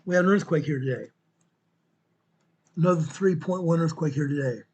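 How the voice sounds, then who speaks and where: A man hosting a show, walking viewers through an earthquake map in a slow, emphatic way and repeating his points. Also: a little high, a little mellow, a little hiss or hum. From United States. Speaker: show host presenting earthquake updates. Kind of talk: informal map walkthrough commentary.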